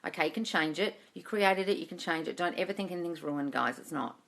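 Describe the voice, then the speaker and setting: A woman's voice: fairly low pitch, fast talker, vocal fry, a bit bright. A woman hosting a casual livestream Q&A as a manifesting coach, chatty and reassuring, calling viewers darling and swearing now and then. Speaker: manifesting coach answering live questions. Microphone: phone livestream.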